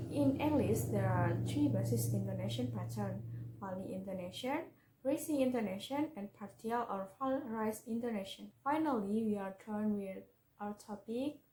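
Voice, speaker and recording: A woman's voice: on the high side, mellow, a little hiss or hum. A young woman, a native Indonesian speaker, presents a pronunciation lesson as a student, reading example words aloud and repeating each one. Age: young adult. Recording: echoey room.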